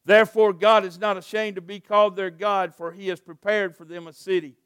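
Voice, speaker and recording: A man's voice: sits high, little pitch movement, brisk, fairly bright tone, smooth, dry recording, studio quality. A middle-aged man preaching a sermon as pastor, reading scripture and building to earnest urgency. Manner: preaching with rising intensity, scripture readings, light jokes.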